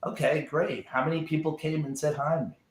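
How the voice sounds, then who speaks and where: A man's voice: fairly high pitch, fairly even intonation, fairly quick, roomy sound. A man talking as a guest in a casual chat, emphatic and often repeating words as he builds up a point.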